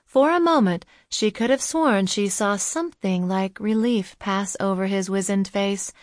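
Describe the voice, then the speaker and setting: A woman's voice: mid-range voice, a little slow, dry recording, clean studio sound. Woman reading a novel aloud. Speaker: audiobook narrator. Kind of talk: scripted narration.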